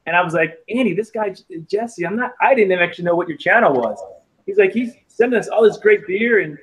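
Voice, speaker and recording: A man's voice: sits high, animated, fast talker, poor audio. A man co-hosting a casual live stream, chatty and prone to repeating himself. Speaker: co-host.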